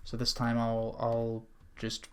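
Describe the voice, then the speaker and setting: A man's voice: medium pitch, monotone, slow, slight background noise. A man streaming an old computer adventure game, chatting wryly and reading the game's text aloud. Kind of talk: casual gameplay commentary.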